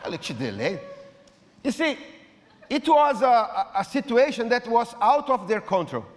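A man preaches as a pastor in a fairly high voice, his full of restarts. He swings between loud, pressing lines and hushed ones. The sound carries a long reverb, as in a large hall. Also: very animated, moderate pace. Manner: non-native English with repeated restarts, swinging between loud and soft. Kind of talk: sermon.

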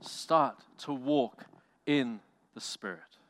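A male pastor preaching a sermon with animated delivery, swinging from loud bursts to quiet, low lines and acting out quotes. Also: slow. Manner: animated preaching with acted-out quotes, loud swells and soft drops.

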